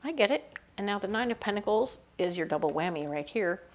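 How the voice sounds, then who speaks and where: A woman talks through a tarot spread in a loose, chatty manner, as if she were chatting with a friend. Her voice sits at an ordinary middle pitch, and now and then she drops into small playful voices for the people in the reading. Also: lively intonation, brisk, highs cut off. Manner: chatty, acts out little quoted voices. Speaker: tarot reader.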